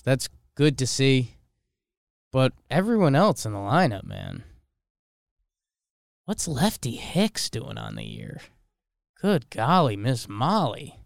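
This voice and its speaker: Lively podcast co-host, smooth voice. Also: male voice, mid-range voice, no room sound, clean studio sound. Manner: playful, jumpy, quick quips. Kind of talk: casual sports chat. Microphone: headphones and studio mic.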